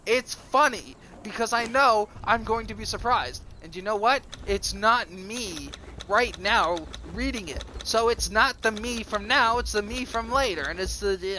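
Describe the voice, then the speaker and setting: A man's voice: high-pitched, a little slow, sharp tone, a little hiss or hum. A man streaming live, ranting in a profane, defiant and self-mocking way. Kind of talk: rambling livestream monologue.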